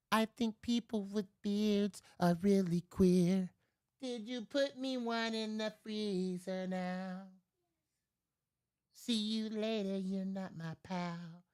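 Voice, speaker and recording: A man putting on a silly impression of a famous male pop star, rambling nonsense in a soft, breathy high voice. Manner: rambling nonsense, sing-song.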